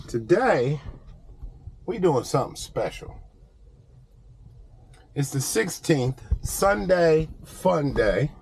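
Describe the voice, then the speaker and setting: A man's voice: on the high side, slight background noise. A man talking casually to camera in a vlog, telling stories with lots of swearing and laughter. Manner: animated storytelling, profane, laughs often. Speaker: vlogger.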